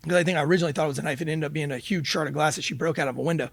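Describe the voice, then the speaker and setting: A man with a high, gravelly voice tells a police story at a rapid clip, acting out every quote. The sound is dry and close, typical of a podcast studio mic. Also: dry recording. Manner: rapid, animated retelling with acted-out quotes. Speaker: podcast guest, police officer. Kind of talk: animated storytelling.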